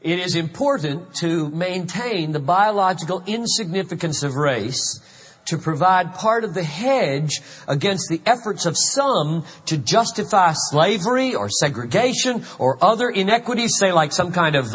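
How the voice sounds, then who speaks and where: A man's voice: high-pitched, expressive, unhurried, a bit bright, slightly rough, in a large hall. A man in his fifties from the American South, preaching a sermon in an earnest, conversational way with emphatic repetition. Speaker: pastor.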